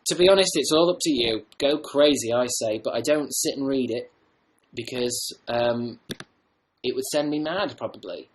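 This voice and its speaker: A young man from northern England, his accent softened, hosts a livestream and chats loosely at normal speed. His pitch sits in an ordinary middle range as he rambles through viewer comments, tossing in casual swear words.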